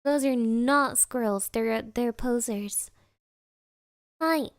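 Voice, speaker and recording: A woman's voice: a little high, takes it slowly, clean tone, no room sound, studio quality. A young woman streaming from home, giggling and rambling as she chats casually with her live chat and reads their messages aloud.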